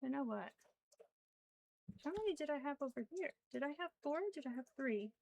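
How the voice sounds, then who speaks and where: Brisk and expressive, her high, creaky, slightly mellow voice comes with a little hiss or hum. She streams her crocheting while chatting casually, wandering through fillers and half-private stitch counts.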